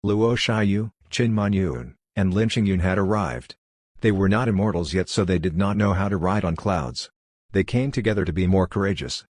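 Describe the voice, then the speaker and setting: A man narrating an audiobook in a steady, plain way. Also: deep voice, normal speed, dry recording, clean studio sound. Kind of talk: scripted narration.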